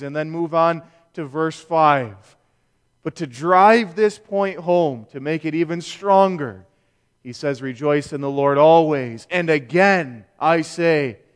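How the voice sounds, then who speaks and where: Slow-preaching man in a reverberant hall. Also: fairly high pitch, clean tone. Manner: slow, measured preaching with emphatic rhetorical questions. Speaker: pastor. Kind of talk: sermon. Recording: long reverb of a church hall.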